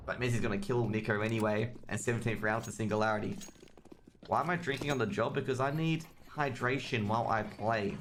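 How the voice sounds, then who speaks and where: Commentating a video game match alone and live, the Australian caster keeps up a quick, chatty flow, jokes with chat and gets excitable when big plays land. He speaks at a fairly low pitch over a little hiss or hum.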